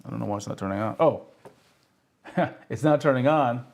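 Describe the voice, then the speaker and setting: A man's voice: medium pitch, a little fast, creaky, darkish tone. A man hosting a live tech stream, explaining hardware step by step and checking in with the audience. He laughs at himself when a demo fails. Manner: explanatory, keeps checking in with "okay?" and "right?"; self-deprecating when a demo goes wrong. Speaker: tech streamer demonstrating pen displays.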